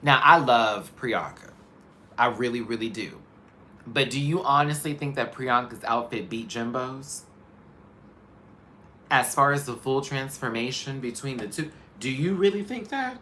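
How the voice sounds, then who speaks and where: Sassy, animated male show host. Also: mid-range voice, a little slow, slight background noise. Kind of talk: casual commentary.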